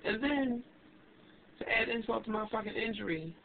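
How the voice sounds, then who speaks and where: A young adult man vlogging, telling a story in an animated, emphatic and indignant way. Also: high-pitched, normal speed, gravelly. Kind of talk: casual ranting storytelling. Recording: tinny lo-fi webcam audio with faint hiss.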